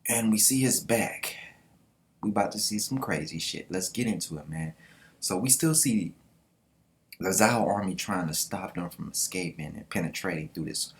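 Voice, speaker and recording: A man hosting a casual manga reaction vlog, excited and slangy, swearing freely. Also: deep voice, moderate pace. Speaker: manga reaction channel host.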